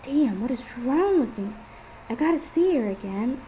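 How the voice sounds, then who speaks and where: A woman's voice: high-pitched, big pitch swings, moderate pace, dark tone, a little hiss or hum, rough recording. A woman casually reading her own first-person story aloud. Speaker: fan fiction author and reader.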